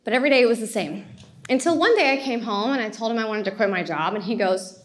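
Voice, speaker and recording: A woman, giving a motivational talk and telling her story in an animated way with laughter. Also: on the high side, fast, a little hiss or hum. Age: 30s. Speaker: speaker.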